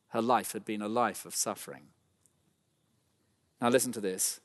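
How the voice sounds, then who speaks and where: A man's voice: fairly low pitch, fairly even intonation, normal speed, pauses often, big-room sound. A middle-aged man preaching a sermon in a church, earnest and building to fervent emphasis. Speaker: pastor.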